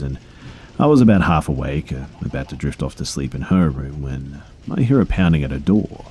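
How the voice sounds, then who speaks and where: A man in his thirties narrating creepy true stories in a low-key, conversational way, with casual fillers and profanity. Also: dark tone, slight background noise.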